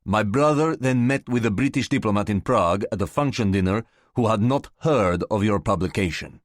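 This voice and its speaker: A man voicing a gruff, indignant foreign businessman with a gravelly Czech accent and broken English, speaking slowly and sternly. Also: on the low side, dry recording, studio quality, close to an everyday voice. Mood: angry. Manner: slow, stern, lecturing.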